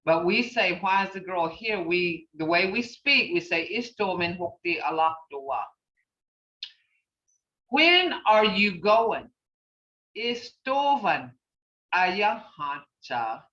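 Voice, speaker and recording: Woman, language teacher on a video call, slow and patient, lively pitch, distant mic, roomy, muffled sound. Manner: slow, patient, repeats phrases for students. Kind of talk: online language class.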